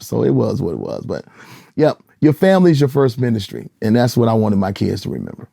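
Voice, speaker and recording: A middle-aged gospel singer and pastor from Michigan tells stories in a relaxed interview, with a gravelly edge to his voice. He gets animated and acts out the people he quotes. The recording is close and dry, with no room sound. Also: mid-range voice, fast talker, no room sound. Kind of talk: casual interview storytelling.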